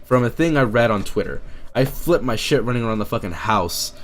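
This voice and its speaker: A man telling a story to camera in a casual vlog, excitable and anxious, swearing often and stammering through restarts. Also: mid-range voice, fairly quick. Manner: excitable, swears a lot, loud bursts of disbelief. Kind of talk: casual story-time monologue.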